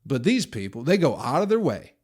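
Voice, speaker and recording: A man's voice: medium pitch, very animated, fairly quick, darkish tone, slightly rough. A man hosting his own podcast, rambling and ranting with heavy swearing and mocking impressions of people. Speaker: podcast host. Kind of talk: solo rambling podcast monologue.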